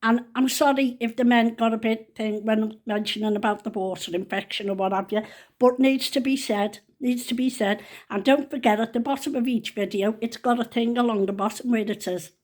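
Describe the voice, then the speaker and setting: A woman's voice: a little high, fairly even intonation, a little fast, darkish tone. A woman in her seventies telling funny stories to camera in a chatty, rambling, down-to-earth way. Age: 70s. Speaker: vlogger. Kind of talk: casual storytelling to camera.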